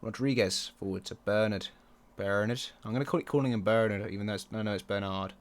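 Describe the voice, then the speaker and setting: A man commenting on his own football management game, excitable and quick to groan or yell at the match. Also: on the low side. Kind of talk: let's play commentary.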